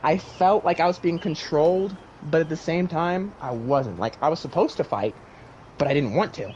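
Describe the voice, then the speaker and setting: A young man in casual chat, retelling a wild dream and acting out its voices with lively swearing. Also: on the high side, normal speed. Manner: animated storyteller, acts out voices, swears casually. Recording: dull lo-fi sound with faint noise.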